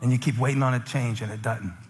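A middle-aged man preaching a sermon in an animated way, acting out voices and swinging from loud outbursts to hushed lines. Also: medium pitch, fast, long reverb tail. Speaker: pastor.

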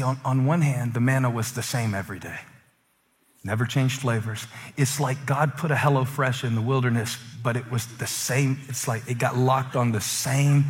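A middle-aged man preaching a sermon in an animated way, acting out voices and swinging from loud outbursts to hushed lines. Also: medium pitch, long reverb tail. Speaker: pastor.

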